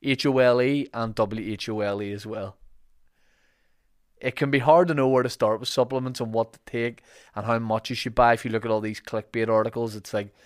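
A man's voice: fairly low pitch, clear, resonant tone. Jokey Northern Irish man hosting. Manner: jokey, rambling, laughs often. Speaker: podcast host. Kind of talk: casual podcast chat and ad reads.

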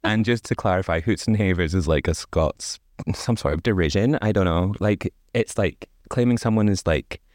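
A man's voice: sits low, normal speed, a little mellow, no room sound, studio quality. A man co-hosting a podcast, reading a fairy tale aloud with wry, casual asides. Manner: wry asides, frequent laughs, many "like"s. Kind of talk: casual read-aloud with commentary.

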